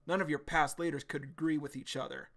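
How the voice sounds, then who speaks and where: A man's voice: on the high side, steady tone, a little fast, fairly bright tone, natural voice. A man voicing a smug young male rival who lectures in a matter-of-fact way.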